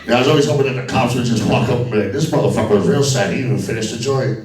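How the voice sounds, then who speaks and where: A man's voice: mid-range voice, rapid-fire. A man from Alabama doing a crude, profane stand-up comedy set on a club stage. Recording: echoey club from a distance with crowd laughter.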